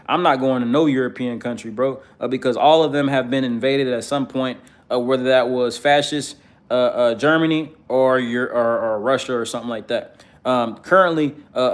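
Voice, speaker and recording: Rambling man in blunt, profane commentary. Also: mid-range voice. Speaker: political commentator. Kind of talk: casual commentary monologue.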